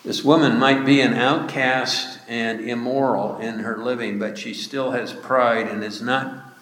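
A male pastor preaching a sermon in a slow, deliberate way, with emphatic rises in his voice. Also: medium pitch, steady tone, a bit bright, slight background noise. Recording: echoey hall.

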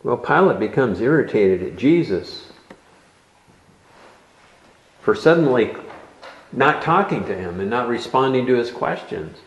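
A man preaching an expository sermon, teaching in a measured way and stressing key words. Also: mid-range voice, lively intonation, reverberant, lo-fi sound.

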